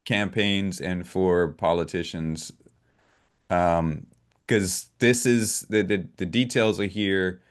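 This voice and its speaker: Brief: male co-host, low voice, thoughtful and halting, dry wit. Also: fairly even intonation, clean tone. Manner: measured, hesitant, with fillers and dry humor. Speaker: podcast co-host. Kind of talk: casual political talk.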